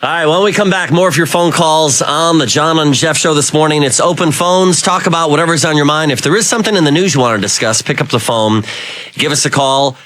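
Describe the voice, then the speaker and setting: A man's voice: on the high side, brisk, fairly bright tone, dry recording. A male radio talk show host telling rambling stories with many "you know" fillers, speaking into a studio microphone. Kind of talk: casual radio chat.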